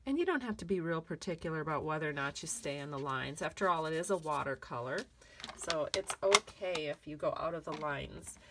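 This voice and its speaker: A woman's voice: low-pitched, lively intonation, a little fast, pushed and bright, slight background noise. A woman demonstrating a card-making technique in a tutorial, chatty and encouraging as she works through each step. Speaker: craft demonstrator.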